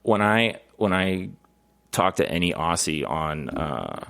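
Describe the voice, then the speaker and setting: A man with a deep, gravelly voice chats loosely as a podcast co-host. He rambles from topic to topic and swears freely. His storytelling stays animated throughout. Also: takes it slowly. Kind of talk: casual chat.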